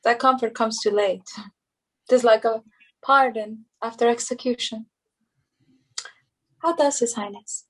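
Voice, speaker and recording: A woman's voice: on the high side, fairly even intonation, a bit bright, poor audio. A woman playing a weary dying queen. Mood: sorrowful. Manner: slow, tired, regal delivery. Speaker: stage actor. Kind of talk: Shakespearean stage acting.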